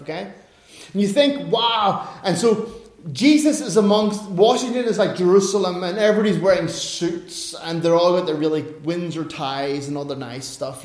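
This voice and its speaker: A man preaching a sermon, telling the story in an animated way that swings from quiet asides to loud bursts. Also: on the high side. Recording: echoey room.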